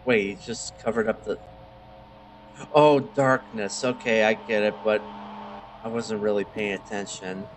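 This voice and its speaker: A man giving casual gameplay commentary, muttering and reacting out loud as he plays. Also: fairly low pitch, fairly even intonation, a little slow, long pauses, slight background noise, low-quality recording. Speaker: gamer.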